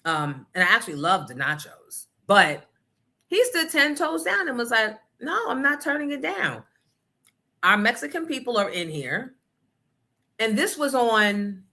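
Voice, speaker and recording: A woman hosting a morning show, telling stories in a blunt, profane, animated way. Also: mid-range voice. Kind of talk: casual opinion talk.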